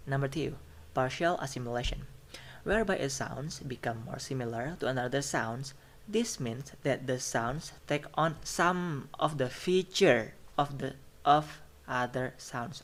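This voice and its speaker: A lecturer talks through slides in a recorded online class, saying each example twice and asking "right?" as they go. The voice sits at a middle pitch, neither high nor low. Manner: repeats each example and checks in with "okay" and "right?". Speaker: phonetics lecturer.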